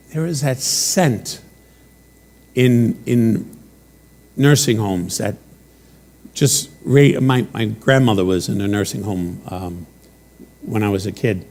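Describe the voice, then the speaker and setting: Slow, deliberate preaching man. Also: mid-range voice. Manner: preaching in strings of repeated rhetorical questions; slips into quieter personal storytelling with fillers. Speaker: pastor. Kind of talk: sermon.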